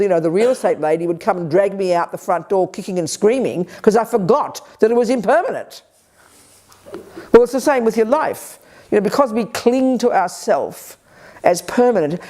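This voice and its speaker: A woman giving a spirited, blunt Buddhist teaching at a retreat, with quick asides and colloquial swearing. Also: on the low side, warm tone. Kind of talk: dharma teaching to a live group. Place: retreat center hall.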